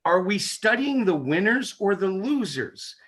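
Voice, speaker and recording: Bright, forceful male interview guest. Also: high-pitched, sing-song, unhurried. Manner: emphatic, persuasive, punchy repetition. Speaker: guest, chiropractic neurologist. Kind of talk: casual interview chat.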